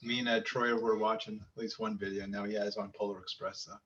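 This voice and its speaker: A man's voice: on the low side, level tone, fairly quick, fairly bright tone, a little hiss or hum. Man, video call guest, casual banter, joking, muffled audio.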